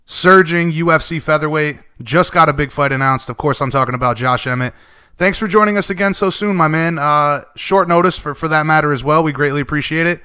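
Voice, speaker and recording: Bright, crisp-voiced sports radio host. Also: male voice, fairly high pitch, a little fast. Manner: easygoing, chummy, laughs along with guests. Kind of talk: sports radio interview hosting.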